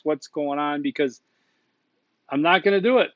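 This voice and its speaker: A man's voice: on the high side, moderate pace, long pauses, fairly bright tone, a little hiss or hum. A man recording an online course lecture as the instructor, talking casually and bluntly with many asides and check-ins. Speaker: college instructor. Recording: dull muffled dry recording.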